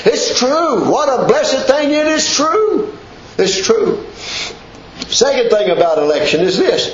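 A man preaching a sermon, folksy and emphatic, stretching words and swinging his pitch up and down. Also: very animated, measured pace, a little hiss or hum. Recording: echoey room, dull lo-fi sound.

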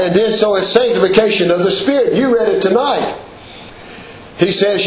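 Male preacher, high animated delivery, roomy church sound. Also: muffled recording. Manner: impassioned, repeating phrases with rising pitch. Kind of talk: sermon.

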